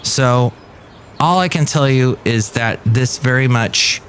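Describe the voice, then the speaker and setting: A man's voice: mid-range voice, slow, a bit bright, slight background noise. A middle-aged man from the United States hosting a podcast, telling a personal story in a rambling, casual way with restarts. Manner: rambling anecdotal delivery with restarts and acted quotes. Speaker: podcast host.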